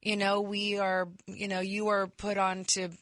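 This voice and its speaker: A woman's voice: mid-range voice, monotone, a little slow, fairly bright tone, no room sound. A woman co-hosting a radio talk show, teasing and playful in casual banter. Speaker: radio co-host. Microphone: studio microphone.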